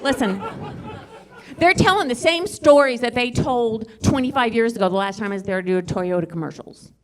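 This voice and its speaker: A woman's voice: on the high side, normal speed, some chatter behind. Middle-aged woman, stand-up comic, rambling and self-mocking, chatting with the room. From Southwest Louisiana. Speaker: stand-up comedian. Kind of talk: stand-up comedy set. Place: comedy club stage.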